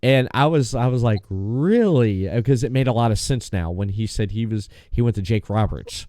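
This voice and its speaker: A man's voice: lowish voice, expressive, normal speed, dark tone, no echo. A man hosting a podcast, chatting casually and enthusiastically, often restarting his sentences and swearing now and then. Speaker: podcast host.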